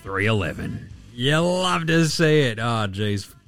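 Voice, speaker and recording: A man hosting a casual sports recap, excitable and sarcastic, swearing freely. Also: medium pitch, takes it slowly, soft background music. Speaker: host.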